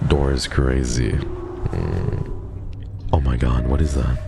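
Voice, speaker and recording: Streaming a game, a very deep-voiced man speaks slowly with vocal fry over background noise. His casual chat with viewers is playful, jumpy and talkative, and he falls to a whisper when he gets scared.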